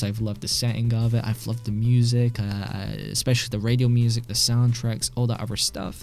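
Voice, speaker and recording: A British man talking into a desk mic in a loose, rambling monologue. He swears freely and pokes fun at himself, his pitch sitting in an ordinary middle range. Faint music plays behind him. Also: gravelly. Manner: rambling, sweary, self-deprecating. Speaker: gaming channel host. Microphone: desk microphone.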